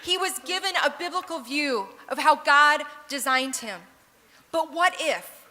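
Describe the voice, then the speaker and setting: A woman in her thirties preaching from the stage, animated and earnest with bits of humor. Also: high-pitched, unhurried. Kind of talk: sermon storytelling. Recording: long hall reverb.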